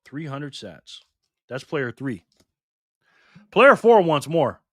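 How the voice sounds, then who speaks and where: A man's voice: on the high side, sing-song, slow pace, a bit bright, no echo, studio quality. A man hosting a casual live stream, reading viewer comments aloud in a playful, teasing way and laughing often.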